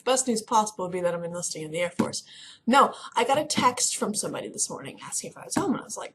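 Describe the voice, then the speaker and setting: Young woman, chatty and excitable, rambling casual vlog talk, faint hiss behind. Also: mid-range voice, fast talker. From Kentucky. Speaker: vlogger. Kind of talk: casual chat.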